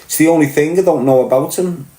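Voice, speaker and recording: Talking fast with a slightly high, dark-toned voice, this Scouse podcast host gives a blunt, profanity-laced casual monologue in an echoey room, frequently checking if listeners get what he's saying.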